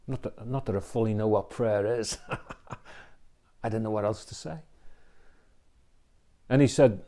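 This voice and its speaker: A man's voice: on the low side, measured pace, pauses often, mellow. A man giving an inspirational talk, telling a personal story in an earnest, reflective way, often adding "you know" and "okay?". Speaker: inspirational speaker.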